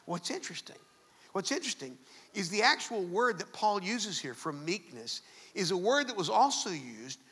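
A man preaches in a church sanctuary, telling a story and often restarting his phrases. His voice is high-pitched and bright. The sound carries a long reverb from a large hall. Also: husky. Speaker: pastor. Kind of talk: sermon.

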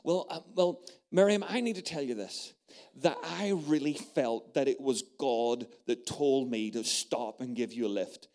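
A man's voice: very high voice, animated, normal speed, hardly any pauses, a little mellow, pitched above the performer's own voice. A man voicing a chatty, insistent, kind-hearted woman who talks nonstop. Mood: earnest.

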